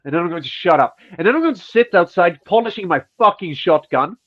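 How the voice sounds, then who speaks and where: A man's voice: high-pitched, fast, highs cut off. A man co-hosting a podcast in casual chat, ranting and swearing, with a stuffy nose. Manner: profane, ranting, animated. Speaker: podcast co-host.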